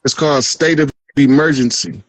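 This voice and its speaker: A man's voice: mid-range voice, moderate pace, no echo, low-quality recording. A male guest talking in a proud, slangy, preacher-like way in casual conversation.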